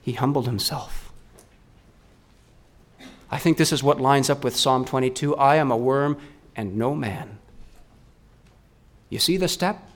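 A man preaching a sermon, swinging between raised, rising questions and hushed, low emphasis, often correcting himself and repeating words. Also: a little slow, pauses often.

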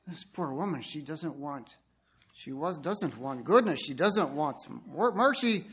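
A man's voice: high-pitched, normal speed. A man preaching a sermon, telling stories and speaking directly to his listeners. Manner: animated storytelling, addresses listeners directly.

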